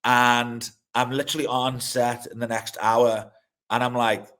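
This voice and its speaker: Unhurried and flat in delivery, this middle-aged man's medium-pitched voice has a fairly bright tone. As a guest, the film director and actor chats loosely in an interview, swearing freely, restarting sentences and laughing mid-story.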